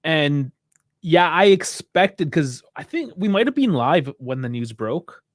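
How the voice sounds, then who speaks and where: A man hosting a casual podcast in a somewhat high voice, recorded dry. He stammers and restarts often and pokes fun at himself. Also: lively intonation, unhurried, no echo. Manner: self-deprecating, stammering restarts. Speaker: podcast host.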